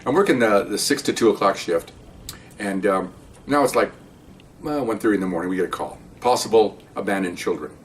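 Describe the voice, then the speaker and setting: An older man with a lowish voice rattles through a story from his years as a police officer. He talks fast and rambles, with restarts and "okay?" asides to the listener. He sits a bit back from the microphone, with a faint hiss behind him. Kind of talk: casual spoken storytelling. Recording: distant mic with faint background hiss.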